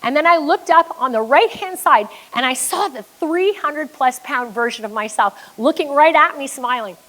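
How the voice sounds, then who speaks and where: A high-pitched woman from Canada delivering a motivational keynote. She tells her story emphatically and bluntly, with the occasional curse, in the voice of a business coach. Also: lively intonation, normal speed, sharp tone, low-quality recording.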